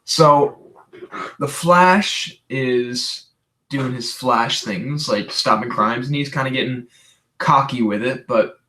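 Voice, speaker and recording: Young man, livestream host, tired, rambling casual chat, lots of restarts, medium pitch. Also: slow pace, sharp tone. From Canada. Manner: rambling, chatty, frequent restarts and fillers. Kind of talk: casual livestream chat answering viewer questions.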